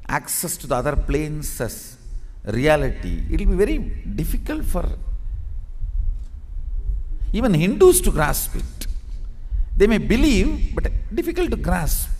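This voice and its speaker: A man's voice: a little high, big pitch swings, measured pace, pauses often, darkish tone. Emphatic man in a reverberant hall. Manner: emphatic, repeating words for effect. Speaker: spiritual teacher. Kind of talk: spiritual discourse. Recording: reverberant hall with faint noise.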